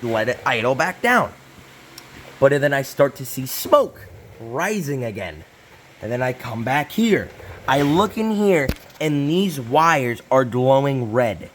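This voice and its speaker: A young man hosting a casual repair vlog in a hot garage, rambling and self-interrupting with apologetic asides. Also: medium pitch. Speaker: channel host.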